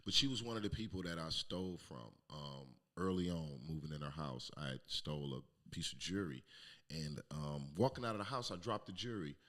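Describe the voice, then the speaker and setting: A middle-aged man hosting his own podcast, telling a raw, emotional personal story with plenty of profanity and sometimes dropping to a hush. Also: extremely low pitch, a little fast. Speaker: podcast host. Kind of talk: candid personal monologue.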